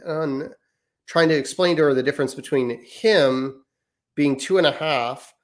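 A man's voice: on the high side, unhurried. A man co-hosting a parenting podcast, chatting casually and telling wry stories about his kids. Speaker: podcast co-host.

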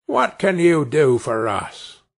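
Sly, furtive grown thieves, as a storyteller plays them, talking in a wary, hushed way. The voice is husky and slow, and its pitch moves around a lot. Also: male voice, sing-song, full character voice. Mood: scheming.

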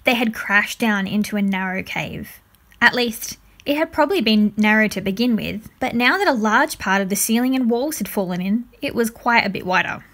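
A woman reading a children's book aloud, narrating chapter by chapter in a calm, even way. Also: medium pitch, moderate pace. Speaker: storyteller.

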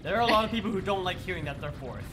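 Sick, lively male streamer. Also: high voice, very fast, background noise. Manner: swears and yells at the game, chats with chat. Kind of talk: live gameplay commentary.

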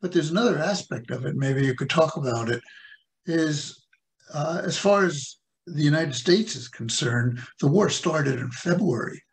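Man, co-host, gravelly, halting with ums, asking a question. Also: fairly high pitch, expressive. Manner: halting, many fillers. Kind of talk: interview question.

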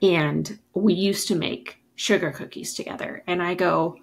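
A woman co-hosting a podcast who tells stories in a lively way and acts out the people she quotes. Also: lowish voice, measured pace, gravelly. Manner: lively storyteller, animated quoting. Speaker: podcast co-host. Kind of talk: casual chat.

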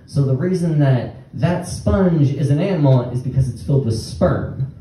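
A young man doing a rambling stand-up set with halting restarts and nervous laughs before a small live audience. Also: fairly high pitch, dark tone. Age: young adult. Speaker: stand-up comedian. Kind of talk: open-mic stand-up set. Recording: very echoey room, distant mic, faint noise.

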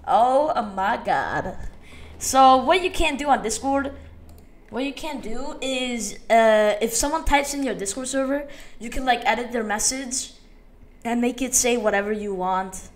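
A woman's voice: on the high side, measured pace, a little mellow. A woman YouTuber rambling through a drama commentary, laughing and mocking as she goes.

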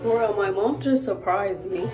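A woman's voice: medium pitch, unhurried, far from the mic. A young woman co-hosting a vlog, chatting casually to the camera and filling her talk with "like" and "or whatever". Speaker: vlog co-host. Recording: very echoey room.

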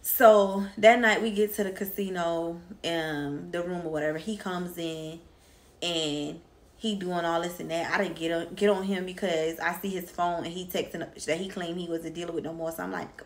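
A woman's voice: lowish voice, steady tone, moderate pace, vocal fry. A young woman, a vlogger, telling a candid, slangy story time, swearing freely as she goes. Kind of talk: casual storytime.

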